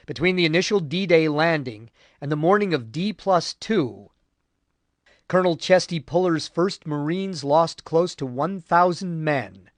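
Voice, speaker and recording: A man narrating a war history audiobook in a measured, grave way. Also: a little high, fairly bright tone, no echo. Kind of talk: scripted narration.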